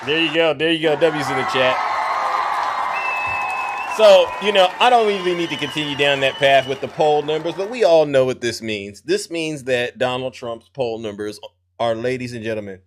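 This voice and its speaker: A man hosting a live political commentary stream, talking in a mocking, emphatic way and answering clips with quick interjections. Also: mid-range voice, crowd noise. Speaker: host.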